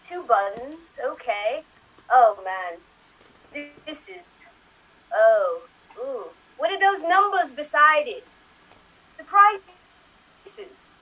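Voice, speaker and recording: A woman voicing a sheltered, bewildered elderly royal man in a put-on upper-class English accent, hesitant and halting in an improv comedy scene. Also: high voice, very animated, bright, forceful tone, exaggerated voice, poor audio. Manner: hesitant, full of ums and halting restarts. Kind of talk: improv comedy scene over video call.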